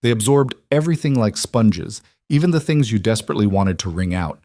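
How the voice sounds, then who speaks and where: A man narrating a western story in a steady, measured storytelling manner. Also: fairly low pitch, dry recording, studio quality. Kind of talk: scripted audiobook narration.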